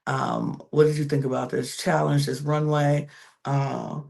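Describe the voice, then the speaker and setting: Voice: mid-range voice, flat delivery, unhurried, gravelly, darkish tone. A podcast co-host giving a casual, gossipy recap of a reality show, trailing off into fillers and talking straight to viewers. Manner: addresses viewers directly.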